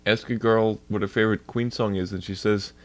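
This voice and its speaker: A man's voice: lowish voice, fairly even intonation, a little fast. A man livestreaming and ranting in a heated, profane way to his chat. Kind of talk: casual livestream rant.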